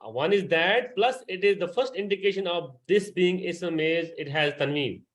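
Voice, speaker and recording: Guy teaching a quran class, slightly high voice, patient, keeps asking the class questions. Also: normal speed. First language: Urdu. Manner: patient, questioning students as he explains. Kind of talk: explaining grammar in a class.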